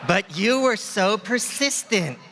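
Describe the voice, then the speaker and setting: A man voicing an insulting, wisecracking male puppet dummy in a ventriloquist stage act, with a slow, mocking roast delivery. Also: high voice, lively intonation, crowd noise, noisy background, exaggerated voice. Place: large event hall on stage. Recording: reverberant hall, faint ambience.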